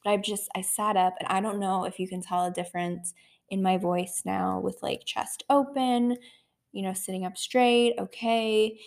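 A woman's voice: mid-range voice, steady tone, normal speed, creaky, a little mellow. A young woman hosting an astrology podcast, talking casually and chattily with lots of fillers. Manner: chatty, full of "like" and "right?" fillers. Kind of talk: casual solo podcast talk.

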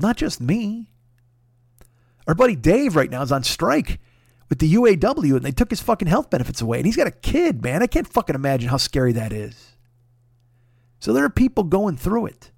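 Gravelly, profane man telling a story. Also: high-pitched, very animated, normal speed, a little mellow, dry recording, clean studio sound. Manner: profane, rambling, confessional. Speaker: podcast host. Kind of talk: casual monologue storytelling.

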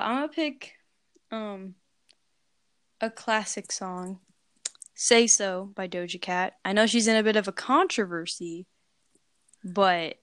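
A woman's voice: medium pitch, a bit bright, smooth, dry recording. Woman, podcast co-host, casual chat, rambling, teasing, dry recording. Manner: rambling, teasing, lots of fillers.

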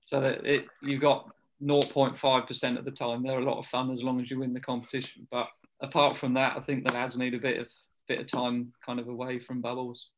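A man's voice: mid-range voice, completely flat delivery, a little fast, dull audio, slight background noise. A young man, chatting as a podcast guest and telling loose stories full of "kind of" and "like". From England. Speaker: guest cricketer. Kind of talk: casual podcast chat.

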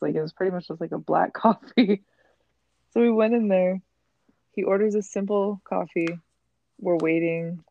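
A woman with a low, gravelly voice chats as a podcast guest, laughing often while she tells a story. Her mic sounds dull and lo-fi, and the sound is dry. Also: no room sound. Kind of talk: casual chat.

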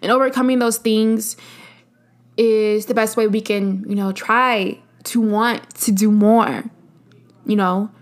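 A woman's voice: medium pitch, fairly even intonation, slow pace. A young adult woman hosting her own podcast, speaking in an earnest, emphatic way and repeating phrases to stress a point. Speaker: podcast host. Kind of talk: casual solo podcast talk.

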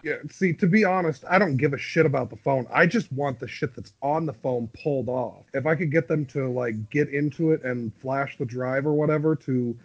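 A man hosts a casual podcast chat, blunt and swearing freely. His voice sits at a middle pitch. The sound is dull and lo-fi. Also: normal speed, few pauses, husky. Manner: profane, blunt. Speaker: podcast host.

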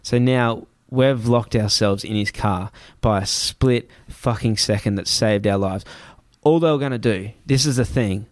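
A young man tells a tense story in casual speech, peppered with swearing and quick restarts. His voice sits at an ordinary pitch. The sound is dry and close. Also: no room sound. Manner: heavy swearing, vivid re-telling with restarts. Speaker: guest.

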